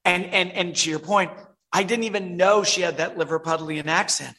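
A man, a film director, telling animated stories as an interview guest and acting out the voices of others. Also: high-pitched, moderate pace. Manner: animated storyteller, reenacts voices.

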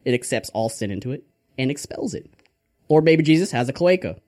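A man's voice: medium pitch, lively intonation, brisk, a little mellow, pitched below the performer's own voice, close to an everyday voice. A man voicing a rambling, mock-preachy Georgian preacher named Father Grandfather, sermonizing absurdly. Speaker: character from podcast RPG.

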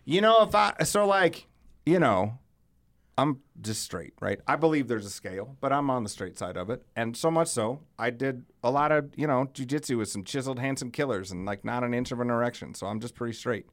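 A man hosting a podcast, telling loud, animated stories in casual chat and swearing freely. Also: medium pitch, brisk. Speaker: podcast host.

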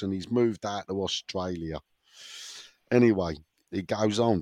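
A man's voice: deep voice, unhurried, pauses often, a little mellow, no room sound. A man with a sore throat hosting a listener question segment in casual podcast chat, rambling and teasing, often tripping over his words.

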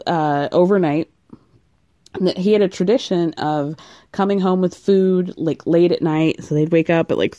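Low-ish mellow woman recapping a dating show, chatty and sarcastic, lots of "like". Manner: chatty, sarcastic asides, frequent "like". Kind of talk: casual recap chat.

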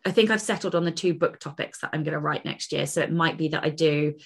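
A woman co-hosting a casual podcast, thinking aloud in quick bursts with restarts. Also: sits low, creaky, a bit bright, husky. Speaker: podcast co-host, author.

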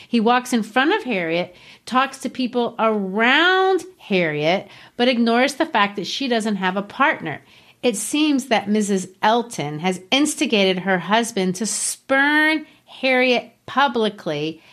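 A woman's voice: fairly high pitch, very animated, unhurried, fairly bright tone. A woman hosting a book podcast, recapping and narrating a novel with enthusiasm. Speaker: podcast host.

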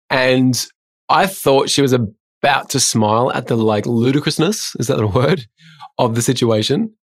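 A man co-hosting a podcast, telling stories in a casual, self-deprecating way. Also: mid-range voice. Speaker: podcast co-host. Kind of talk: casual conversation.

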